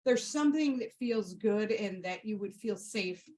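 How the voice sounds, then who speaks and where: A woman with a medium-pitched, dark voice talks expressively and without hurry, hosting a podcast as a Reiki practitioner. In casual storytelling and Q&A, she describes a session and answers questions, rambling heartfeltly with lots of fillers and restarts. The recording quality is low.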